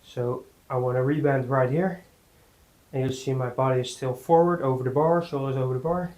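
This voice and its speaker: A man giving a casual workout talk in his home gym, halting with many fillers and out of breath between sets. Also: medium pitch, fairly even intonation, darkish tone, low-quality recording. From Netherlands. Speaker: fitness vlogger.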